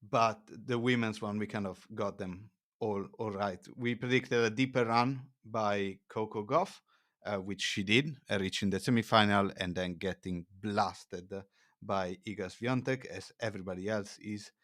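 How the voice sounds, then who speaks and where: Lively man, low voice, dry sound. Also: unhurried, dry recording. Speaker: podcast guest. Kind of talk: casual chat.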